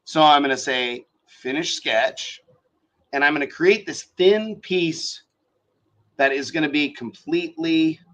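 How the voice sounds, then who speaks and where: A man hosting a casual live-stream tutorial, talking through design software as he works, swearing freely and thinking out loud. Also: on the high side, measured pace, rough recording. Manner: profane, thinks aloud while working. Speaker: show host teaching design software.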